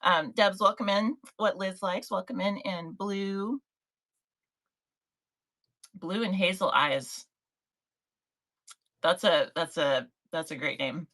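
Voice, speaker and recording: Brief: young woman, livestream host, bright forward tone, lowish pitch, chatty and encouraging. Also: slow, pauses often, low-quality recording. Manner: chatty, encouraging, reads chat names aloud. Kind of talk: casual live chat.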